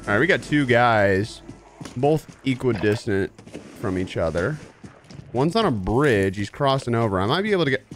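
A man's voice: medium pitch, sing-song, moderate pace, soft background music. Goofy man streaming a shooter game. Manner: goofy, playful, jumps into silly voices. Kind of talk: live gameplay commentary. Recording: game sounds behind.

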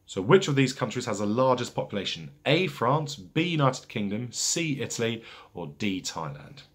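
A man hosting a casual pub quiz, reading each question twice, slowly and deliberately, with chatty asides between rounds. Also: medium pitch, big pitch swings, breathy edge.

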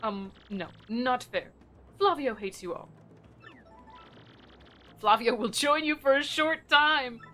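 A woman's voice: fairly high pitch, takes it slowly, pauses often, pushed and bright, a little hiss or hum, voice pushed up. A woman voicing a pompous, cowardly male merchant in a video game, grandiose and fussy. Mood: sulky. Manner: grandiose, fussy, self-pitying. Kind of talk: reading game dialogue aloud in voices.

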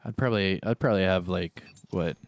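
A man's voice: low-pitched, fairly quick. A man streaming a shooter game, chatting casually and answering his viewers' comments as he plays. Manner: chatty, laid-back, reads and answers chat.

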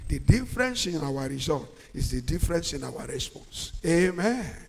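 A middle-aged man preaching a sermon, using call-and-response and swinging from quiet talk to shouts. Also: fairly high pitch, sing-song, moderate pace, vocal fry, a little hiss or hum. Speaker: pastor. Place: large church hall. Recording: long church-hall reverb.

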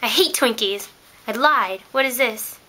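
Bright, high-voiced chatty young woman. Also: unhurried, a little hiss or hum. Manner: chatty, excitable, storytelling. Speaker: vlogger. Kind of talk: casual vlog chat. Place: indoors in a room.

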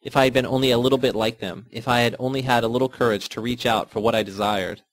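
A man's voice: mid-range voice, fairly even intonation, fast, lightly acted, rough recording. A man reading aloud and voicing a meek, tearful woman who pleads earnestly. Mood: pleading. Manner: pleading, emotional.

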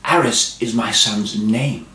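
A man's voice: lowish voice, takes it slowly, pushed and bright, reverberant. A man doing a curt, literal dad. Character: blunt middle-aged father of a teenager.

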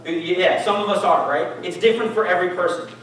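A man's voice: high-pitched, brisk, fairly bright tone, a little hiss or hum. Man preaching in an echoey hall. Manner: casual, conversational preaching with audience questions. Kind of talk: sermon. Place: church hall. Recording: echoey church hall, mic from far off.

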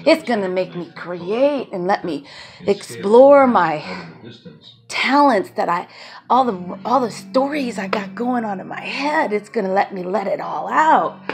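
A woman rambling to her camera in a casual vlog, her voice sitting a little on the high side. She is chatty, laughs a lot between thoughts and swears without a second thought. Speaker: vlogger.

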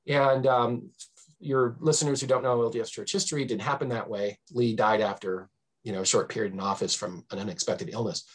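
Husky-voiced man telling history stories. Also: fairly quick. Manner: animated, swings pitch for emphasis; frequent fillers and restarts. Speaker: history professor guest. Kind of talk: conversational storytelling.

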